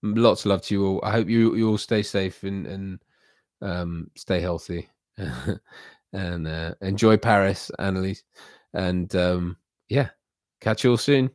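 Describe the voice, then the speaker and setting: Low-voiced rambling male streamer. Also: a little slow, darkish tone, no room sound, clean studio sound. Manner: rambling, chatty, self-deprecating. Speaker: livestream host. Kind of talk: casual livestream chat with viewers.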